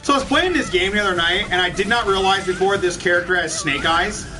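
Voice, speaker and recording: A man's voice: high-pitched, quick pace. A man hosting a let's play, chatting casually with viewers in a profane, ranting way and laughing often. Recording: distant mic with game music behind.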